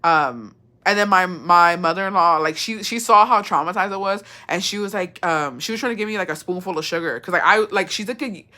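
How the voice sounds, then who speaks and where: A young woman tells her viewers a story in a loose, animated style, cursing plenty and switching back and forth between English and Spanish. Her voice sits fairly low and she talks briskly.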